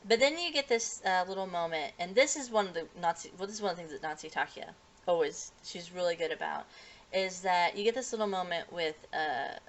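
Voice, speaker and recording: A woman with a somewhat low voice walks through an episode in a casual recap. She rambles, piling up fillers and self-corrections as she goes. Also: a little fast, a little hiss or hum. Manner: rambling, lots of fillers and restarts; acts out characters' lines in livelier voices. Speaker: anime reviewer.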